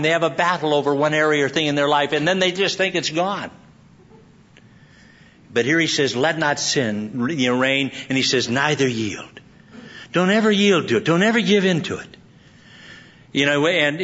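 Speaking at normal speed in a voice on the high side and a bit bright, this Southern California pastor delivers a sermon. He drifts through a personal story, frequently laughing and starting over, in a dull, lo-fi recording.

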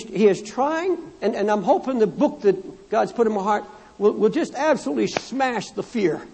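A man's voice: high-pitched, vocal fry, darkish tone, slightly rough. A man preaching a sermon as pastor, speaking fervently, repeating phrases for emphasis, reading scripture and addressing the congregation directly. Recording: long hall reverb in a church.

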